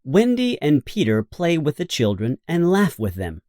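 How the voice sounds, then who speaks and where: A man reading a children's storybook aloud in a slow, simple, expressive narration. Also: fairly high pitch, no echo, clean studio sound. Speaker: audiobook narrator.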